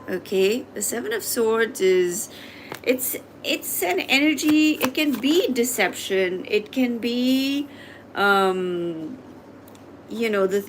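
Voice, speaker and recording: A woman's voice: mid-range voice, slight background noise. A woman giving a live tarot reading, talking straight to her viewers with repeated, urging questions. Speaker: tarot reader.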